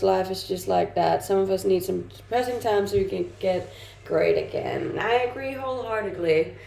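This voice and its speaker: Gravelly-voiced woman streamer chatting casually. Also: medium pitch, a little mellow, slight background noise. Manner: chatty, reads chat aloud and answers with easy laughter. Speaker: live streamer. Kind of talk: casual live-stream chat. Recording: roomy sound with faint music behind.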